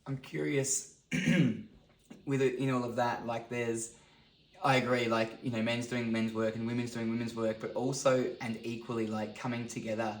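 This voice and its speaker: A man's voice: mid-range voice, flat delivery, moderate pace. A man in his thirties, a guest talking earnestly in a reflective podcast conversation. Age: 30s. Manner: earnest storytelling, acts out quotes. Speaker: podcast guest, men's coach. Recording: roomy echo.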